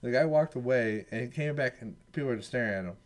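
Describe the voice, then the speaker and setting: A young man in casual chat, telling a story in a halting way with many stops and starts. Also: medium pitch. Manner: hesitant, halting, many fillers and restarts.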